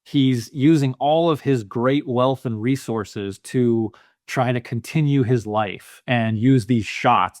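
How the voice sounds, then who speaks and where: A man co-hosting a film podcast, talking through his ideas in a relaxed, musing way with frequent "you know" fillers. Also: mid-range voice, no room sound, studio quality. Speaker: podcast co-host. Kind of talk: casual film discussion.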